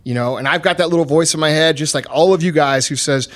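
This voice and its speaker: A man hosts a podcast with a somewhat high voice. He speaks bluntly and emphatically, swearing freely as he pushes his point. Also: fast talker. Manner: profane, emphatic and fired-up. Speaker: podcast host. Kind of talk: blunt motivational podcast talk.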